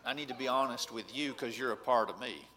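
A man preaching a sermon, earnest, rising to emphatic points and then dropping low. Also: a little fast, sharp tone, slight background noise.

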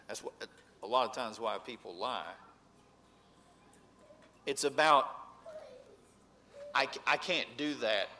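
A man preaching a sermon, earnest, rising to emphatic points and then dropping low. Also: slow pace, long pauses, pushed and bright.

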